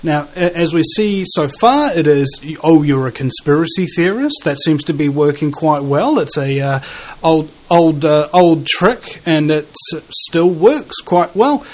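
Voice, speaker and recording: A man's voice: on the high side, unhurried, darkish tone, rough recording. A man with a New Zealand accent in casual conversation, musing and rambling, often restarting his sentences.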